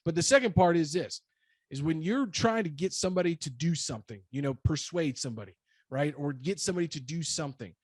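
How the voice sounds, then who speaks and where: A man with a slightly raised voice speaks as a guest in an energetic motivational talk. He drives his points home with short, repeated phrases. The sound is dry and close to the mic. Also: a little high, no echo. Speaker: real estate broker and guest speaker.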